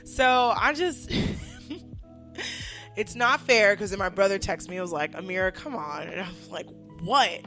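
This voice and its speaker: A woman's voice: medium pitch, takes it slowly, faint music behind. Woman, young adult, podcast host, a little drunk, laughing, profane, casual chat. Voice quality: loud, laughing, swears freely.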